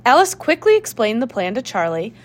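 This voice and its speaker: A woman reads a children's mystery aloud as an audiobook narrator. Her voice sits fairly high and moves with lively, animated pitch. She tells the story clearly and steadily. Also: brisk, slight background noise.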